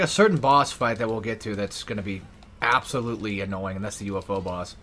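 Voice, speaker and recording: A man's voice: on the low side, fairly bright tone, a little hiss or hum. A young man giving casual, rambling gameplay commentary, sarcastic and swearing often. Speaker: gaming YouTuber.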